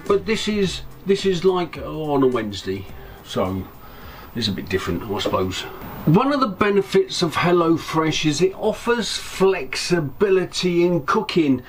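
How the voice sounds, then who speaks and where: A man's voice: fairly high pitch, sing-song, moderate pace, soft background music. Chatty rambling male vlogger. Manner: rambling, chatty, with self-deprecating asides. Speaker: narrowboat vlogger. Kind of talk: casual vlog narration.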